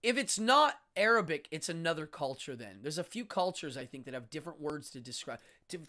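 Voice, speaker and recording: Animated, dramatic man hosting a live stream. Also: on the high side, brisk. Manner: dramatic and animated, stumbling restarts. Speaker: magician and occultist hosting a live show. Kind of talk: casual livestream monologue.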